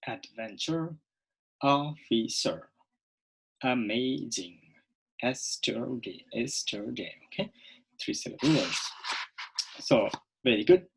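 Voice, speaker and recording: A man teaching a recorded online English lesson, speaking slowly and repeating words, often checking in with "okay?". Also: mid-range voice, slightly rough, rough recording. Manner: slow, repetitive, checks in with "okay?".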